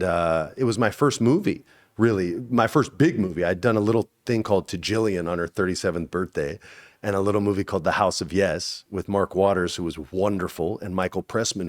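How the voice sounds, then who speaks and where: A man in his forties, an actor as interview guest, telling stories casually and acting out quotes with sudden high bursts.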